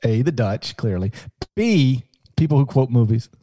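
Animated man joking on a podcast. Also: mid-range voice, normal speed. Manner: animated, jokey storytelling with restarts. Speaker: podcast co-host, sports analyst. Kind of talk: casual podcast banter.

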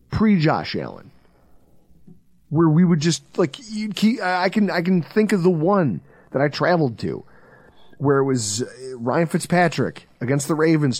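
A man hosting a sports podcast, telling stories in a lively, swearing, casual way. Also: no echo. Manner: animated, storytelling, swings between low intensity and loud outbursts. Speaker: podcast host.

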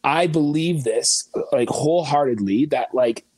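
A man's voice: medium pitch, a little slow, darkish tone, no echo. A man in casual podcast chat, speaking in an earnest, reflective way.

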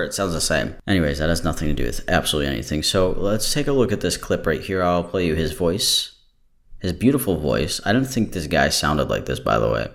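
A man's voice: low voice, big pitch swings, normal speed, gravelly, a bit bright. A tired man hosting a podcast in casual chat. He rambles and jokes and gets sidetracked easily. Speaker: podcast host.

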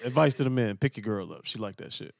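A man's voice: fairly low pitch, animated, fast, creaky, no echo, clean studio sound. A man guesting on a podcast in casual chat, trading crude jokes and slangy banter.

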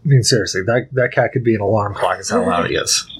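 A man hosting a podcast, chatting casually and telling animated, joking stories. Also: on the low side, quick pace, slightly rough. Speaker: podcast host. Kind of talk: casual chat.

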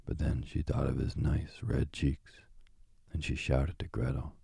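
A man reading a fairy tale aloud as a calm bedtime sleep story, slow and soothing. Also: very deep voice, creaky, husky, no room sound, studio quality.

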